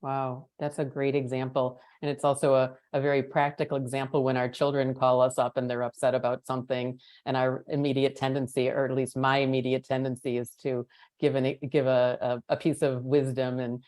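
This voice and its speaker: A woman with a notably low voice hosts the conversation. She talks in a thoughtful, reflective way, pausing to work through her ideas. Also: little pitch movement, darkish tone. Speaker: podcast host. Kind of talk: podcast conversation.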